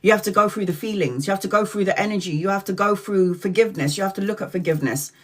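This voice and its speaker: A woman's voice: mid-range voice, quick pace. A woman in her forties, a tarot reader hosting a live stream, talking frankly and chattily, swearing freely and calling out viewers by name. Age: 40s. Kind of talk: casual live-stream chat.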